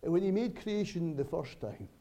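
Very dark-voiced man preaching a sermon. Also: fairly high pitch, lively intonation. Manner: earnest, with dramatic pauses and sudden swells and drops in volume.

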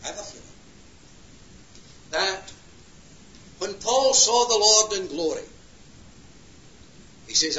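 A preacher delivering an impassioned sermon, swinging between hushed and loud passages. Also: male voice, sits high, very animated, unhurried, pauses often, a little hiss or hum. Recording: lo-fi roomy hall recording.

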